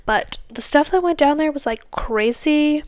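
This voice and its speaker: A woman's voice: high-pitched, unhurried. A young woman in her twenties hosting a podcast, telling a personal story in a rambling, chatty way with lots of fillers and tag questions. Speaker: podcast host.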